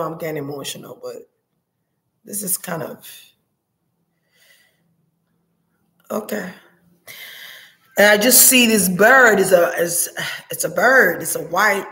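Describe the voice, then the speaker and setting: Slow, musing woman in an echoey room. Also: medium pitch, fairly bright tone. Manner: musing, halting, searching for words. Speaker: psychic reader. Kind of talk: intuitive reading monologue.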